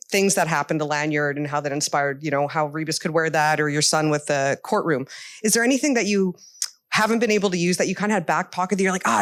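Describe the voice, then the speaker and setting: Audience member at a live Q&A. Mid-pitched, rapid, rambling run-on question. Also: a bit bright, no echo.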